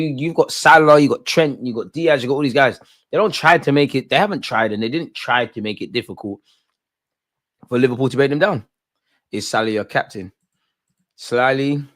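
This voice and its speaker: A young man hosting a live football watch-along, talking in rambling, opinionated banter. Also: mid-range voice. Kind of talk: casual live match commentary.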